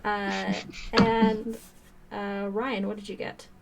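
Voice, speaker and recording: Woman gm on a stream, chatty, lots of ums, middle pitch. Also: little pitch movement, slow, creaky, a crowd in the background. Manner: chatty, explains rules with filler ums. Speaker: game master. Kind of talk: running a tabletop game on a live stream.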